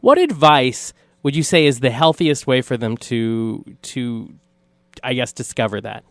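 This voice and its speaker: A man's voice: mid-range voice, expressive, measured pace, a bit bright, no echo. A man hosting an interview, affirming and asking long questions. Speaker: podcast host.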